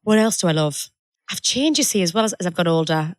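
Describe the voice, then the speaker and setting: A woman's voice: on the low side, lively intonation, fast talker, no echo, clean studio sound. A woman guesting on a podcast in casual chat, enthusiastic and gushing.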